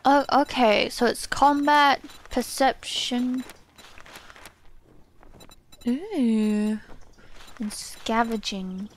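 A young woman streaming a game live, chatting casually and excitedly as she thinks aloud about what she is doing. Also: a little high, drawn-out words, pauses often, a little hiss or hum. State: yawning, a bit sleepy.

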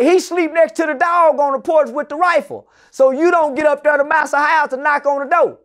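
A man in his forties telling stories as an interview guest, loud and profane, often shouting and then dropping into low muttered asides. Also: steady tone, normal speed, hardly any pauses. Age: 40s. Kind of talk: animated storytelling in an interview.

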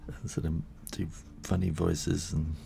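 A man's voice: deep voice, level tone, measured pace, creaky, mellow, slight background noise. A man who illustrates books, talking through a live drawing tutorial in a chatty, rambling way with frequent chuckles, working in a studio next to his house. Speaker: illustrator and author.

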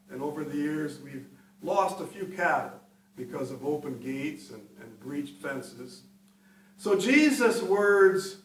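A man in his sixties, a pastor preaching a sermon in an unhurried, conversational way with personal stories. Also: on the high side. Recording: roomy echo from a distance, faint hiss.

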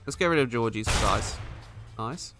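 A man's voice: mid-range voice, expressive, unhurried, music in the background. A man giving casual, chatty commentary while playing a video game, reacting as he goes. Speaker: let's play gamer.

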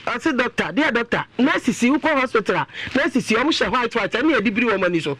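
A man's voice: very high-pitched, fairly quick, no echo, low-quality recording. A man with a Ghanaian accent, talking animatedly and emphatically as a panelist on a radio talk show. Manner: animated, emphatic, rising into exclamations.

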